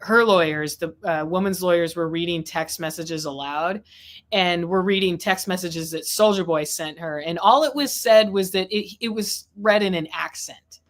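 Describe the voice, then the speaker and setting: Over a video call, a legal affairs host talks casually about a court trial in a voice on the low side at a moderate pace. She is chatty and rambling, with frequent restarts.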